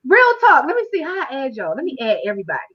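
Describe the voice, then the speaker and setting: A woman hosting a live online money workshop, talking straight to her audience with a lively, preacher-like fervor over a video call. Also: high-pitched, racing, dull audio. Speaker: financial coach hosting a training.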